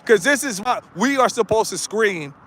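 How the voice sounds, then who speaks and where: A man's voice: high voice, animated, normal speed, a bit bright. A man in his late thirties on a live stream, walking through a neighborhood and bluntly urging viewers again and again to toughen up. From United States. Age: 30s. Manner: blunt, repetitive, exhorting. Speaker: YouTuber. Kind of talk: live-streamed motivational rant. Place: outdoors in a residential neighborhood with passing cars.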